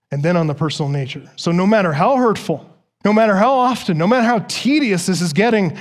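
A man preaching a sermon as pastor, emphatic and repeating words for stress. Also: high-pitched.

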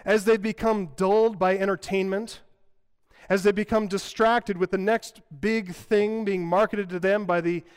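A man's voice: high-pitched, clear, resonant tone. A man preaching a sermon as pastor, with emphatic, rhythmic delivery and repeated phrases. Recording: long hall reverb.

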